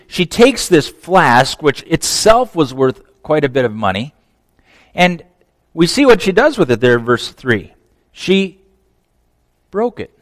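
A man preaching a conversational sermon, swinging from emphatic to hushed. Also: high-pitched, no room sound, long reverb tail. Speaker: pastor.

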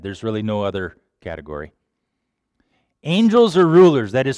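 A man preaching a sermon, animated, sometimes acting out quoted voices. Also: mid-range voice, no room sound, clean studio sound. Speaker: pastor.

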